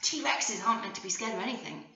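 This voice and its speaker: A woman with an English accent teaching a phonics lesson to young children, animated and sing-song, speaking slowly and clearly with frequent gasps. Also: medium pitch. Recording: echoey room, voice from a distance, dull sound.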